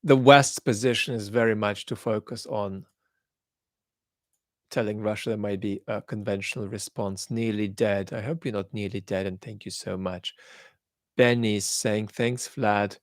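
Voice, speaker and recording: A man's voice: lowish voice, fairly even intonation, normal speed, dry recording, clean studio sound. A man hosting a live stream, reading out viewer comments, with a mixed accent that holds traces of Australian and London. He talks thoughtfully, with many ums, and turns blunt when he judges. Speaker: livestream host.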